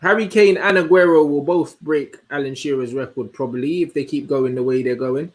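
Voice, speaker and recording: A young man, hosting a casual livestream and chatting in an animated, slangy way as he answers comments. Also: on the high side. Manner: slangy, animated, answers chat with quick asides. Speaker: host.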